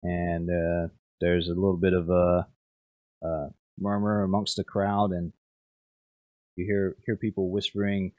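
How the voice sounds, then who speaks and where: A man's voice: sits low, monotone, a little slow, a little mellow, dry recording. A young man narrating as game master, rambling with lots of fillers and repeated words.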